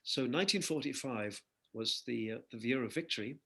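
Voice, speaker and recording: Older male guest, animated anecdotal storyteller, rough gravelly voice. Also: medium pitch, fairly quick. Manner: animated anecdotal storyteller, laughs between phrases. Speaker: singer-songwriter guest. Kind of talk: conversational interview storytelling.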